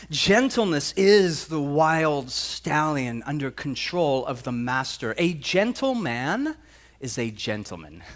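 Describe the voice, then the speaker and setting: A man preaching a sermon as a pastor, in a conversational, animated way with light humor. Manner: pitch and loudness swing widely.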